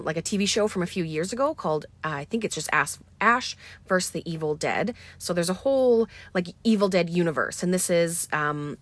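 A woman's voice: on the low side, no room sound. Chatty woman recapping a film. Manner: chatty, many fillers like um and like. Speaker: podcast host. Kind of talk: casual movie recap. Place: on a boat.

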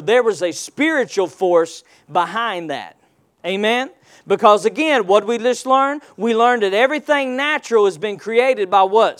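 A man preaching a sermon in a church, using call-and-response and rhetorical questions. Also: high voice. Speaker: pastor.

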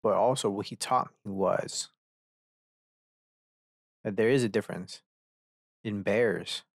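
A man's voice: lowish voice, takes it slowly, dry recording, clean studio sound. A young man hosting a casual rant podcast, telling a rambling, profane story and acting out characters as he goes. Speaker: podcast host.

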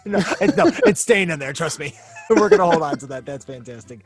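A young man hosts a podcast in easy conversation, his voice bouncing around with plenty of melody. He sits a little higher than most men and laughs freely, dropping in self-deprecating jokes. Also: fairly quick, music in the background. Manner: lively, laughs often, self-mocking asides. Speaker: podcast host. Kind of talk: casual podcast chat and outro.

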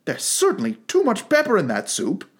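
A man's voice: huge pitch swings, brisk, slightly rough, exaggerated voice. A man voicing a polite, timid young girl in a storybook reading, in a raised, pleading voice. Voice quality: high, pleading.

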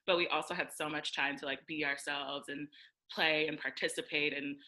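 A young woman co-hosting a podcast, telling a story in casual chat, animated and acting out quoted lines with many fillers. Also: low-pitched, moderate pace, low-quality recording. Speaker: podcast co-host.

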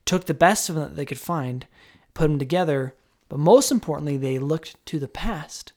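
A man's voice: fairly high pitch, moderate pace, a little mellow. Man, podcast host, casual chat, rambling, lots of restarts. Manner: rambling, with restarts, jokey put-on voices.

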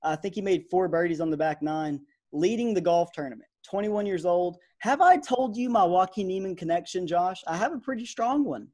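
A young man in his twenties co-hosting a podcast, chatting in a relaxed way with lots of fillers. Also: sits high, moderate pace, few pauses. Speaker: podcast co-host. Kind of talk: casual sports podcast chat.

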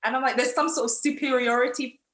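A young woman telling a story in casual chat, animated and acting out what others said. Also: on the high side, fast talker. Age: young adult. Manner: animated storyteller, acts out quotes. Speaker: podcast guest. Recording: echoey room, faint noise.

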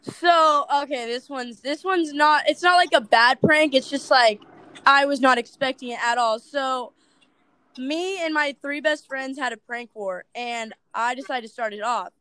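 Young woman guest, high voice, chatty storyteller who laughs a lot, close dry sound. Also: a little slow, clear, resonant tone, no room sound, poor audio. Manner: chatty, laughs often, animated quoting. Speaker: interviewee, video creator. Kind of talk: casual interview storytelling.

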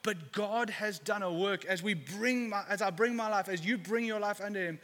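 A middle-aged male pastor delivers a frank, confessional sermon. His voice sits a little high and sounds bright and forceful, and it rings out with the long reverb of a large hall. He often restarts his sentences and turns to his listeners with rhetorical questions. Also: moderate pace.

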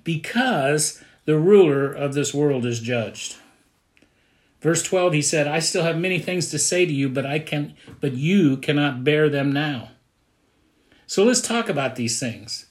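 A man who is a pastor, preaching an earnest, conversational sermon and repeating key phrases. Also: on the high side.

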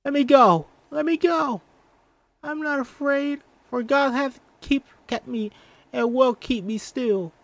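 Man doing a scared little Puritan girl, shrill, very high, loud pleading. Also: fairly even intonation, fast, hardly any pauses, no echo. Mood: frightened. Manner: shrill, shouting.

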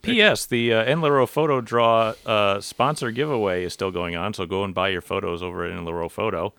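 Man, podcast host, low voice, dry close sound, rambling and joking. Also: fairly even intonation, fairly quick, a bit bright, clear, resonant tone, no echo. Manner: joking, rambling, self-deprecating. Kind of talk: casual chat.

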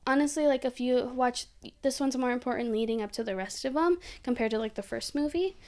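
A woman's voice: high voice, brisk, darkish tone. A young woman hosting a podcast, chatting casually and giggling as she recaps a film, with lots of "like" and "um". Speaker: podcast host.

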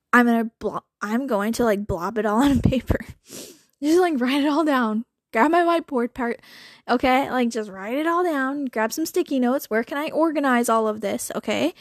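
Woman, podcast host, casual monologue, chatty, animated, slightly high voice, dry close sound. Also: no room sound. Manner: animated, chatty, frequent filler words and laughs.

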